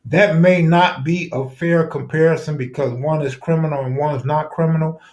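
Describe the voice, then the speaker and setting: High-voiced man, heated and animated. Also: moderate pace, lo-fi sound. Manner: heated, animated, profane, arguing a point. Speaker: live stream host. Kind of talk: casual live-stream chat.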